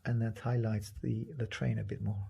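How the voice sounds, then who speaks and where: A man giving a live painting demonstration, soft-spoken, thinking aloud, and often dropping to a whisper as he works. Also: on the low side, flat delivery, gravelly, husky. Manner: halting, thinking aloud with restarts. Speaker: painting teacher.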